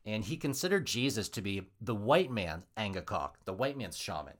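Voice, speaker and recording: A man's voice: on the low side, very animated, normal speed. A man hosting a podcast, telling a true story casually with wry joking asides.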